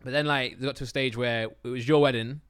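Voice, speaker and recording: A man's voice: mid-range voice, fairly even intonation, quick pace, a bit bright, clean tone, dry recording, studio quality. A young man in casual chat as a podcast co-host, rambling and hesitant, often repeating his words. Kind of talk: casual chat among friends.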